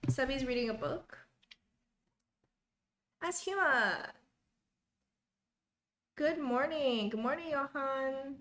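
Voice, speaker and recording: Young woman, study-stream host, upbeat casual chat, reads comments, greets viewers, fairly high voice. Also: slow pace, pauses often, a bit bright.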